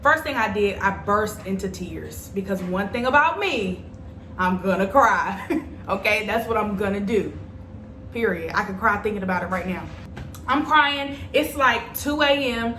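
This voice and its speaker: A woman's voice: mid-range voice, sharp tone, roomy sound, a little hiss or hum. A young adult woman telling a personal story to her viewers in a chatty, dramatic way. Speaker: vlogger. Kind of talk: storytime vlog.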